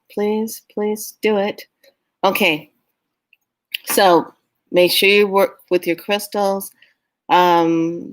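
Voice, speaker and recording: A woman's voice: fairly low pitch, a bit bright. A woman giving a casual spiritual talk, earnest and urging, who often laughs while telling stories. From California. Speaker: spiritual vlogger.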